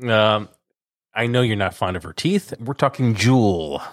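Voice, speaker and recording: A low-voiced man co-hosts a radio show, working down a list with lots of laughter. His pitch swings widely as he banters. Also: lively intonation, normal speed. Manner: reads through a list, laughs easily. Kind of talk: casual banter.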